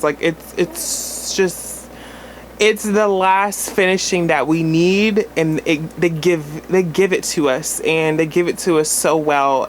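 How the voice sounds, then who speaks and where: A man's voice: high-pitched, a bit bright, slight background noise. A man reviewing a film in a casual vlog, gushing and dramatic, with many restarts and constant "like"s. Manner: rambling, full of "like".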